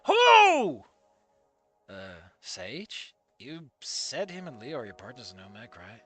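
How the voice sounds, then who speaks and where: A streamer voicing a brooding, perceptive young male student in a low, hushed, probing way, with faint game music behind. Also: huge pitch swings, slow, exaggerated voice. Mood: hushed, prying.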